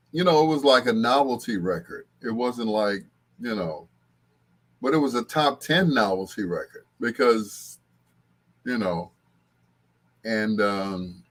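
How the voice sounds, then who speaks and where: A man's voice: mid-range voice, a bit bright. An older man hosting a late-night show, chatting casually and rambling with frequent chuckles. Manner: chuckling, rambling, bursts into sung snippets. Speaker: host.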